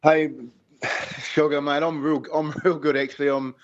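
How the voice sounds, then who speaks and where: A man's voice: fairly high pitch, little pitch movement, measured pace, highs cut off. A man from New Zealand, a former player turned commentator, chatting casually in a radio interview over the phone, with fillers and easy laughs. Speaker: guest, rugby league commentator. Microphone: phone line.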